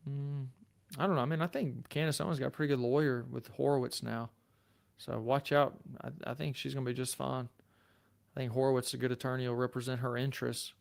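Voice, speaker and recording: A man's voice: mid-range voice, fairly quick, gravelly. A middle-aged man with a Southern accent, a lawyer hosting a casual livestream and chatting easily through viewer comments. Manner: relaxed, chatty, self-deprecating. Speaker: lawyer and channel host.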